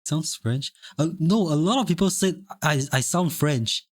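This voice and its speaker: On his live stream, a young adult man from Singapore talks a little slowly in a slightly high, expressive voice. He reads out chat messages, wanders off topic, says things over again and chuckles frequently. There's no room sound, and the audio is studio quality.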